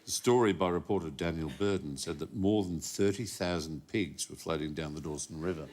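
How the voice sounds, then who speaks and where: A man's voice: sits low, moderate pace. A man hosting a quiz show, telling comic anecdotes and putting on voices with theatrical flair. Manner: theatrical, plays the voices in his anecdotes with lively swings. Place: television studio with audience.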